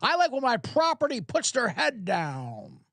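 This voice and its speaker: A man's voice: extremely high pitch, wildly swooping pitch, unhurried, fairly bright tone, dry recording, studio quality, pitched above the performer's own voice, heavily acted. A man putting on the voice of a smug, condescending rich male team owner. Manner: condescending, possessive.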